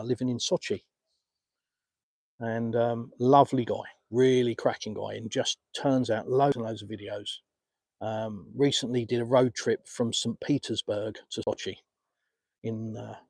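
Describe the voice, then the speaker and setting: A man's voice: medium pitch, darkish tone, husky, dry recording. An Englishman casually answering viewer comments on a live stream from a beach, filmed on a phone. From England. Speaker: vlogger answering live chat. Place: outdoors on a beach.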